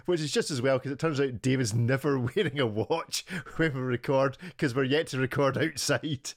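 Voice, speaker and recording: A man hosting a podcast, teasing his co-hosts in casual chat. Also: mid-range voice. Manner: teasing, quick to laugh. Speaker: podcast host.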